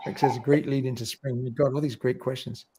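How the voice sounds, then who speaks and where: A man's voice: mid-range voice, fairly even intonation, fast talker, mellow, a little hiss or hum. A middle-aged man hosting a livestream, chatting casually, reading viewer comments aloud and laughing often. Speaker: livestream host.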